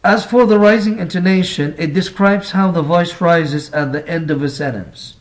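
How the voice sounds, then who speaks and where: A male English teacher with as his gives a recorded lesson. He explains slowly, rephrases his points and asks the class rhetorical questions. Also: a little high.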